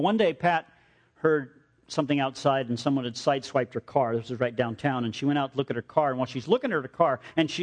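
A man preaching a sermon, telling stories in an animated way and often repeating phrases. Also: medium pitch. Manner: animated storytelling, repeats himself.

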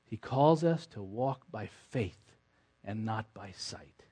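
A man preaching a sermon, swinging between quiet, low passages and forceful, emphatic stretches, and ending in prayer. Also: animated, takes it slowly, husky.

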